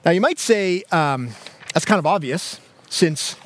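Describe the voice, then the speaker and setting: High-voiced man preaching a casual sermon. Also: animated, unhurried. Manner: conversational, with frequent fillers and repeated words. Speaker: pastor.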